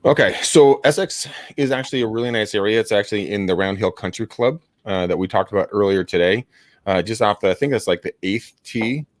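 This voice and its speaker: A man in his thirties, a real estate agent hosting a casual call session, telling stories with profanity and loud laughter. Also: on the low side, fairly quick, dry recording. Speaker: real estate agent hosting a live cold-calling stream. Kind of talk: casual chat, storytelling.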